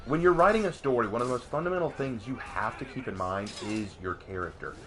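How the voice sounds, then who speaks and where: A young man ranting on a live stream, his voice swinging widely in pitch as he hammers home each point. He talks casually but with heat, spiking into sharp high bursts. A faint hiss of room noise sits under his voice. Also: fast talker. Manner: animated, emphatic, voice jumps high in outbursts. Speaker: streamer and commentator.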